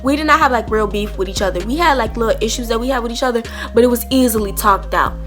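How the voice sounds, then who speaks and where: Animated bright young woman vlogger. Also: fairly high pitch, fast, faint music behind. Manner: animated, acts out both sides of an argument, curses freely. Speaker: storytime vlogger. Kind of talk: casual storytelling to camera.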